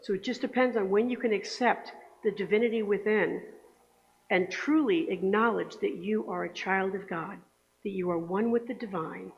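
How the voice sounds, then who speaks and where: A woman's voice: mid-range voice, moderate pace, vocal fry, slight background noise. A woman giving a conversational sermon in a church, often checking in with the congregation. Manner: chatty, asks the congregation for agreement. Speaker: speaker giving the Sunday message. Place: church sanctuary. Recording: echoey hall, dull lo-fi sound.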